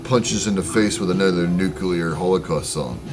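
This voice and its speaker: A man's voice: deep voice, a little fast, music in the background. A man co-hosting a podcast in casual chat, rambling, swearing and losing his train of thought. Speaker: podcast co-host.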